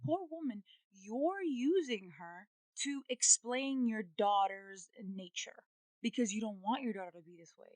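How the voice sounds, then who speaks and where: A woman's voice: a little high, expressive, measured pace, darkish tone, no room sound, low-quality recording. A woman co-hosting a casual podcast chat, ranting with energy and swearing freely. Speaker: podcast co-host.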